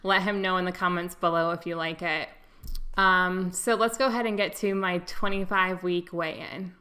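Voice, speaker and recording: A woman's voice: lowish voice, fairly even intonation, moderate pace, pushed and bright. A young adult woman giving a casual, earnest and emotional to-camera update as a vlogger.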